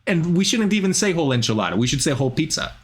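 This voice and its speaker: A man's voice: fairly high pitch, sing-song, very fast. A man hosting a comedy game show, chatting playfully, stumbling over his words and laughing often. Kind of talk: casual comedic chat.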